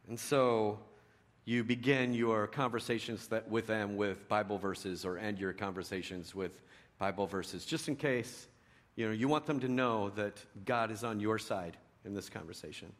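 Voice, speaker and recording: A middle-aged man preaching a sermon in a conversational storytelling way, dropping to a hush and rising to loud emphasis. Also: medium pitch, unhurried. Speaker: pastor.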